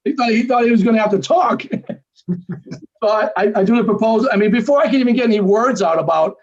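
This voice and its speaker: A man with a high-pitched voice tells a personal story in casual conversation. He talks in an animated way and acts out the lines of the people in it. The sound is a little dull and lo-fi. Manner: animated, quick storytelling with quoted dialogue. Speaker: guest storyteller. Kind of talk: casual anecdote.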